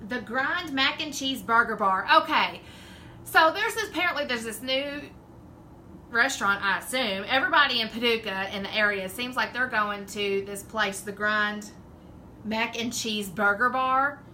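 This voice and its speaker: A woman's voice: a little high, normal speed, sharp tone, a little hiss or hum, low-quality recording. A woman with a Southern drawl chatting casually and rambling as the host of a home craft livestream. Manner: chatty, rambling, laughs often. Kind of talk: casual live-stream chat.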